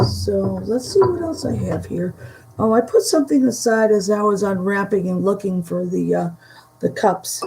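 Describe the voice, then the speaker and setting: A woman chatting casually through a vintage haul, halting and giggly, her voice starting to go from a dry throat. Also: mid-range voice, dark tone, poor audio. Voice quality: gravelly, slow and halting. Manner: chatty, giggly, trails off mid-sentence. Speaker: vintage reseller showing a haul. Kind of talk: casual chat to a live audience.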